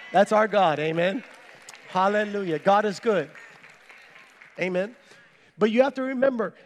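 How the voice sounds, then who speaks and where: High-voiced preacher in an echoing hall. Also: male voice. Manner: animated storyteller, reenacts his own words. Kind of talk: sermon with personal testimony. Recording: echoey hall with long reverb.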